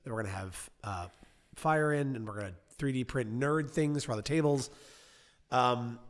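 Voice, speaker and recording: A man's voice: medium pitch, moderate pace. A young man co-hosting a podcast, reading out tips and riffing with casual swearing. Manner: reads tips aloud then riffs, swears casually. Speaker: podcast co-host.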